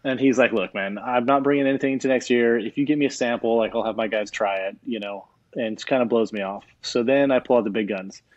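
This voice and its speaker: A man's voice: mid-range voice, fast talker, hardly any pauses, no echo, highs cut off. A man, a chef from Hawaii, telling a story in a casual interview and acting out what other people said. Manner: animated storyteller who acts out other people's lines. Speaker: chef and guest.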